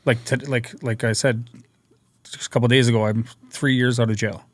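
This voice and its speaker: Guy on a podcast telling his story, lively and earnest, mid voice, dry close sound. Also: mid-range voice, fairly quick, no echo. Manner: energetic, earnest storyteller who acts out quotes. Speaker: podcast guest. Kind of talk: personal storytelling interview.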